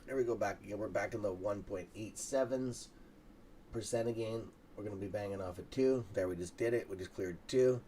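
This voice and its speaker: A man's voice: lowish voice, brisk, dark tone, a little hiss or hum. A tired, yawning man hosting a casual live stock market stream, rambling and swearing now and then. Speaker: stock trading livestream host.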